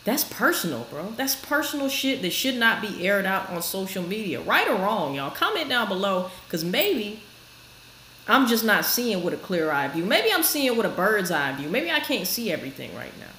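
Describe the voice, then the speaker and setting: A woman's voice: mid-range voice, very animated, moderate pace, sharp tone. Chatty woman host in an echoey room. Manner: frank, chatty, talks to viewers. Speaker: reaction video host. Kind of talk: casual commentary. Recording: echoey room with faint noise.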